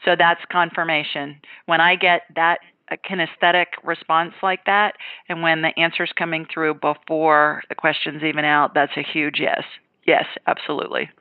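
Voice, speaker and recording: A woman's voice: sits low, level tone, normal speed, no echo. A woman hosting a radio call-in show, giving readings to callers and answering emails in a confident, emphatic, conversational way. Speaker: psychic call-in show host. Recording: tinny phone-like radio sound.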